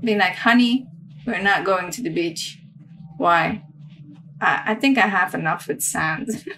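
A young woman with a Romanian background, commenting casually on a game she plays, swearing and excitable, full of fillers. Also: fairly low pitch, unhurried, slight background noise, rough recording. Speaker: game streamer.

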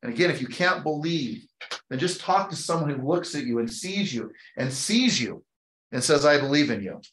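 A man's voice: fairly high pitch, expressive, moderate pace, a bit bright. A man in his fifties leading a motivational training talk for an audience, telling a personal story and building to an emphatic, upbeat push. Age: 50s. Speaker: real estate team leader and trainer. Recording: roomy echo.

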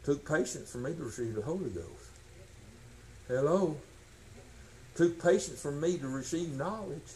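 High-voiced older preacher, emphatic. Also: male voice, animated, unhurried, long pauses, slight background noise, poor audio. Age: 60s. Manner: folksy, emphatic, swings from shouting to low tones. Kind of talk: sermon.

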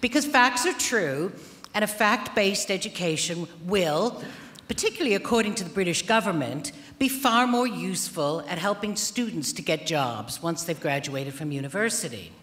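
A woman author giving a festival opening speech, retelling a fairy tale in a dry, ironic, deadpan way. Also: fairly low pitch, moderate pace. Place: large theatre hall. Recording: long reverb of a large hall.

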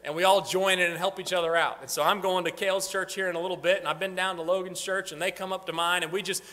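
A man addressing a congregation as their pastor, his voice pitched high and sharply bright. He talks in a loose, casual way, restarting his sentences often. The sound carries a long reverb from the church hall. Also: steady tone, fast. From northern United States. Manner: casual, rambling, frequent restarts. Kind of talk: informal church talk on ministry updates. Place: church sanctuary.

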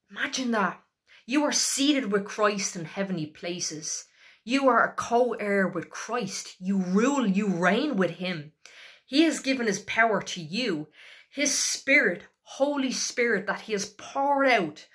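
A woman's voice: mid-range voice, a bit bright. A woman preaching an exhorting sermon, emphatic and repetitive as she urges listeners on.

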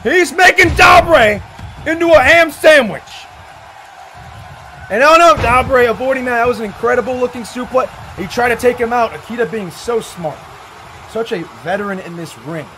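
A man giving excited, swearing play-by-play commentary on a wrestling match, shouting at the big moves. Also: extremely high pitch, a little fast, a little hiss or hum. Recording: music playing behind the voice.

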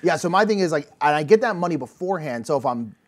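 A man's voice: fairly high pitch, lively intonation, fast. A man co-hosting a board game show, chatting casually in an upbeat, eager way.

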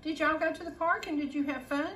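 A woman's voice: sits high, steady tone, fast talker. An older woman hosts a casual cooking demo, coaxing her grandchild in a sing-song, baby-talk manner. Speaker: host. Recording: echoey kitchen, faint noise.

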